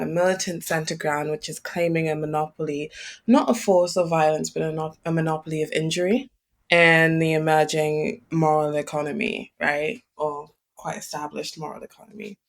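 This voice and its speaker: A woman co-hosting a political podcast discussion, speaking in a measured, analytical way and often checking in with "right?". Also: low-pitched. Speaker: podcast co-host.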